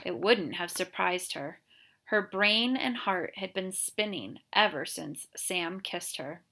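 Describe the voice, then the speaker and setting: A woman reading a novel aloud for her students, in a clear, steady storytelling voice. Her tone is bright, with a gravelly fry at the ends of phrases. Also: fairly low pitch, slow. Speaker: reader, teacher.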